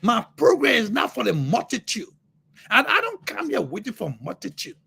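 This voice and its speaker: Fervent gravelly man preaching. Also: very high-pitched, wildly swooping pitch, normal speed. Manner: fervent, repeats words, sudden shouts. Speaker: motivational speaker. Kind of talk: impassioned livestream preaching.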